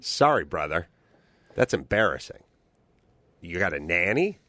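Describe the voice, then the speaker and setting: Male podcast host, profane comic storyteller, very expressive pitch, dry sound. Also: a little slow, no echo. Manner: profane, animated storytelling, swaps into voices for quotes. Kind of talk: casual comedic rant.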